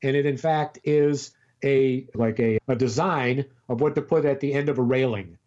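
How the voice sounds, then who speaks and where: A man's voice: medium pitch, a little mellow, muffled recording. Rambling older man telling a story. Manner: rambling, storytelling with halting restarts. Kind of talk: casual chat on a call.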